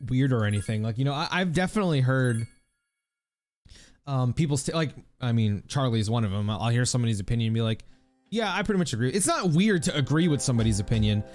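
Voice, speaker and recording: A man's voice: medium pitch, animated, quick pace, a little mellow, soft background music. A young man from the Philippines chatting casually and rambling to his viewers while he streams a game. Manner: rambling, chatty, lots of fillers, laughs often. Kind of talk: casual live-stream chat while gaming.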